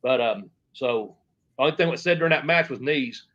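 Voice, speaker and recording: A man's voice: medium pitch, lively intonation, brisk, fairly bright tone, dull audio. A man, a former pro wrestler, telling stories in an interview, rambling with lots of fillers. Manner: rambling, filler-heavy, acts out quotes. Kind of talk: shoot interview storytelling.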